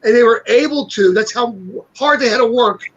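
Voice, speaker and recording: A man's voice: very high voice, brisk, fairly bright tone. A man co-hosting an interview, talking earnestly. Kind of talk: casual interview. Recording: dull lo-fi audio.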